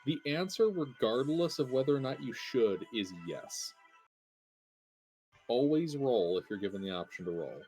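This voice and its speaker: A man's voice: medium pitch, animated, mellow. A man playing a tabletop game, chatting casually and playfully, often restarting his sentences. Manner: playful, quick to joke, stammers on restarts. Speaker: player.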